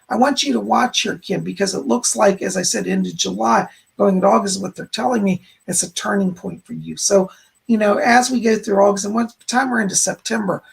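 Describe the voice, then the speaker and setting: A man with a high-pitched, increasingly hoarse voice hosts a live stream as a psychic medium. He rambles as he gives readings to donating viewers and relays what the spirits say.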